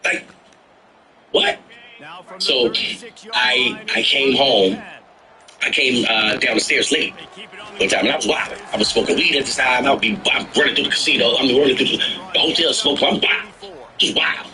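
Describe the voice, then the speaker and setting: A man telling tour stories in a casual chat, animated and slangy, swearing freely and breaking into loud outbursts. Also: mid-range voice, moderate pace, poor audio. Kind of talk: casual storytelling.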